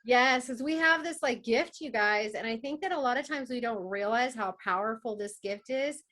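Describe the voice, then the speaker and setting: A woman hosting a group call, bubbly and quick to laugh. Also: a little high, pushed and bright. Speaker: host.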